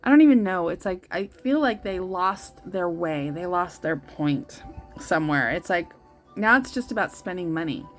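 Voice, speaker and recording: A tarot channel host in her thirties rambles through a casual coloring-and-chat vlog, full of fillers and restarts, gushing and easily moved. Her lowish voice is expressive and unhurried with a bit of brightness, and faint music plays behind her.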